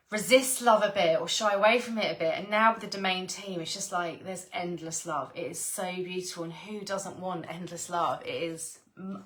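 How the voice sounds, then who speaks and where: Woman reading her own spiritual book out loud, lowish voice, roomy echo, super earnest and gushy with little sighs. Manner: earnest and gushing, breaking off with sighs and wows. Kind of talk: read-along of a spiritual book with personal asides.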